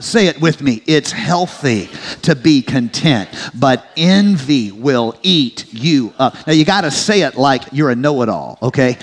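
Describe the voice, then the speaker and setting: A male pastor preaching a sermon, rising to emphatic peaks and slowing into drawn-out prayerful lines. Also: on the high side, animated. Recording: faint music under the voice.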